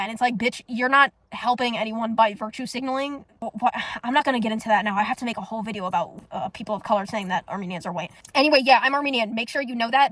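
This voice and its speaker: A woman's voice: fairly high pitch, fairly bright tone, no echo. A young woman from the United States telling a story in a casual monologue, blunt and profane. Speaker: vlogger.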